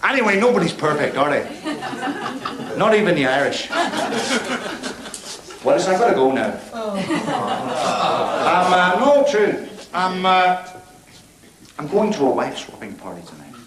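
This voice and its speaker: A man's voice: high-pitched, big pitch swings, measured pace, long pauses, a loud crowd. An actor playing a cocky, crude male stand-up comic with a Belfast accent, delivering bawdy patter to a club audience in a television drama. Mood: cheeky. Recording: echoey room with loud background noise.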